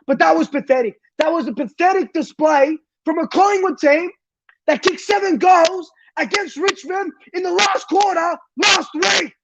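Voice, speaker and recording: A man ranting furiously about a football match, swearing, repeating himself and shouting. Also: very high voice, lo-fi sound. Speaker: football fan vlogger. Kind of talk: angry fan rant.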